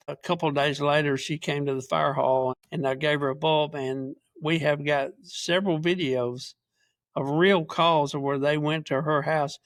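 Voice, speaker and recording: A man's voice: a little high, no room sound. A man, a paramedic guest on a podcast, telling stories earnestly with many restarts. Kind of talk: casual interview chat.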